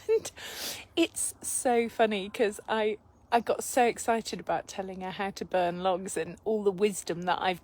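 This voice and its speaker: A woman talks gently to her viewers on a phone held outdoors, her words often falling to a hushed whisper. Her voice sounds slightly worn, and a faint hum of open air sits behind her. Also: medium pitch, poor audio. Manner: soft, often drops to a whisper. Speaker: healer and channel host. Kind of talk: casual live video chat. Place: outdoors under a yew tree in a churchyard. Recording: faint outdoor background noise.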